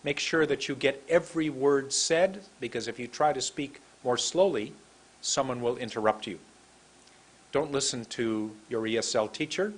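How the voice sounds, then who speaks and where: Male pronunciation teacher, emphatic, husky tone, talking to camera. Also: medium pitch. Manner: drawn-out emphatic delivery, demonstrating mouth positions. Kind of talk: slow deliberate teaching to camera. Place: room with a computer and camera.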